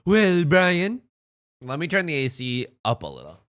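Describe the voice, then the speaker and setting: A man's voice: mid-range voice, wildly swooping pitch, fast, bright, forceful tone. A man chatting casually on a live stream, greeting viewers and talking while he eats. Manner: upbeat, greets chatters, talks while eating.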